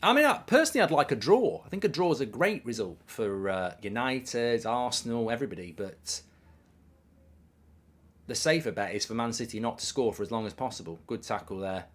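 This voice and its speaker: A man's voice: mid-range voice, lively intonation, a little fast. A middle-aged man hosting a live football watchalong, chatting casually and reading out viewer messages. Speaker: host.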